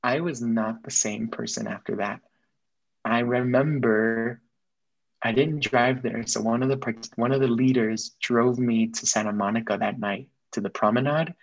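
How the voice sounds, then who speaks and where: A young man, a guest, telling a personal story in casual conversation, quick and earnest, slipping in Spanish phrases. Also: medium pitch, steady tone, dry recording, dull audio.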